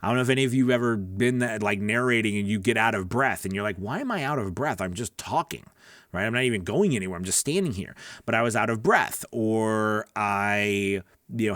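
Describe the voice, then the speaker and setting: A man's voice: on the low side, no room sound, studio quality. A man coaching voice actors in a casual, earnest teaching talk, chatty and often checking in with "right?". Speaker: voice-over coach.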